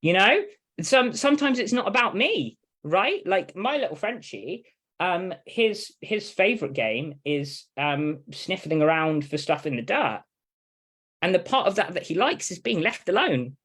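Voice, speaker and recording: A man's voice: sits high, very animated, unhurried, fairly bright tone. A man with an English accent, a dog trainer talking casually as an interview guest and acting out little voices for dogs and owners. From England.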